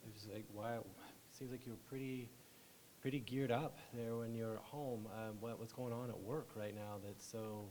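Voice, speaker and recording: A man's voice: mid-range voice, steady tone, moderate pace, darkish tone, a little hiss or hum, natural voice, rough recording. A man playing a therapist in a counseling role-play, asking hesitant, probing questions. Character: calm male therapist, probing gently.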